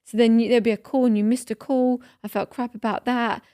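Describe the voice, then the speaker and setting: A woman's voice: fairly high pitch, flat delivery, a little fast, mellow, no echo, clean studio sound. Woman telling a rambling story. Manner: rambling, emotional storytelling with many fillers. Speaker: podcast co-host. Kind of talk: casual chat.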